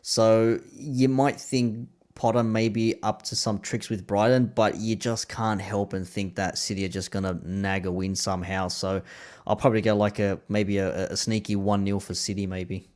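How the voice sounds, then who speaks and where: An Australian man, a guest on a football podcast, thinking aloud in a halting way with frequent restarts. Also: fairly low pitch, level tone, a little mellow. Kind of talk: casual football podcast chat.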